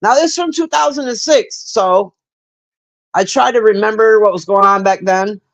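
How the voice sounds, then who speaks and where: A woman's voice: mid-range voice, normal speed. A woman giving a casual, rambling movie review on a livestream, blunt and profane, chatting with viewers in between. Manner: chats with live viewers.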